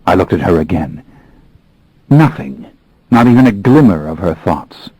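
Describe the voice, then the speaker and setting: A man narrating an audiobook in the first person, with a brooding, measured delivery and expressive pacing. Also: low-pitched, slightly rough, no echo, poor audio.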